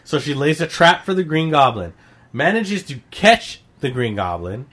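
A man's voice: on the high side, sing-song, normal speed, a bit bright, a little hiss or hum. A man co-hosting a casual podcast chat, retelling a comic plot in a heated, profane way. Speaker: podcast co-host.

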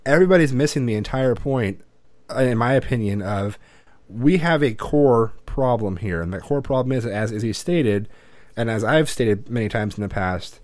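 A man's voice: mid-range voice, lively intonation, normal speed, a little mellow, no room sound. A man in his thirties hosting a podcast, talking bluntly and profanely in casual chat, rambling with restarts. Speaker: podcast host.

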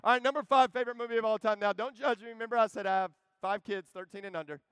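Brief: man in his thirties, lively camp sermon, high voice, dry close sound. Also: very fast, clear, resonant tone, dry recording. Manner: joking, animated, calls to the crowd. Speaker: preacher.

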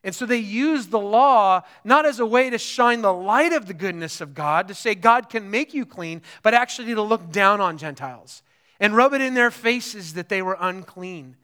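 A man preaching a sermon in a conversational, animated way, often checking in with the listeners. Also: high voice, moderate pace, clear, resonant tone. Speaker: pastor.

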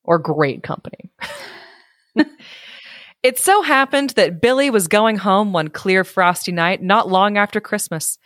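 A woman's voice: mid-range voice, a little slow, pauses often, fairly bright tone, no echo, studio quality. A woman co-hosting a podcast who reads an old folk tale aloud, giggling and breaking off for asides. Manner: giggly, adds asides while she reads. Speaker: podcast co-host reading folk tales. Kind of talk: casual chat and reading aloud.

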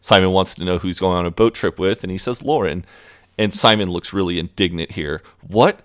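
A man's voice: low-pitched, brisk, a bit bright, clear, resonant tone. A man co-hosting a podcast, casually retelling television scenes and quoting the characters' lines with frequent laughs. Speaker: podcast co-host. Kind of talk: casual recap chat.

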